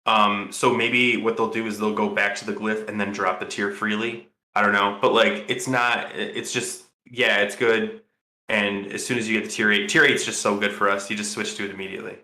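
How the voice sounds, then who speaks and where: A man with a bright, forceful voice, a little low in pitch, chatting on a podcast. He rambles and restarts as he thinks aloud, and his voice rings in a roomy, echoey space. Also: little pitch movement, normal speed. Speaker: podcast co-host. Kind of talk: casual podcast chat.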